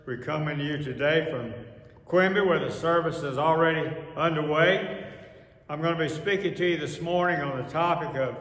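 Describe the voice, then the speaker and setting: A man preaching a sermon as pastor, slow and deliberate, repeating key phrases for emphasis. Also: on the high side, a bit bright. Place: church sanctuary. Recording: echoey hall with long reverb.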